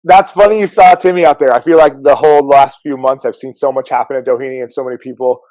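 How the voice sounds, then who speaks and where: A man's voice: mid-range voice, fairly even intonation, fast talker, a little mellow, no echo, low-quality recording. A man who coaches at a surf camp, chatting as a guest in a laid-back way, laughing often and using surfer slang. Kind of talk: casual chat.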